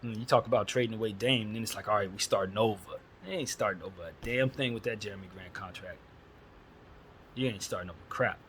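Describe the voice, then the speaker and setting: A man's voice: on the low side, fast, a bit bright, slight background noise. A man hosting a casual solo basketball chat, talking bluntly and with strong opinions, using casual slang. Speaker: basketball commentary host.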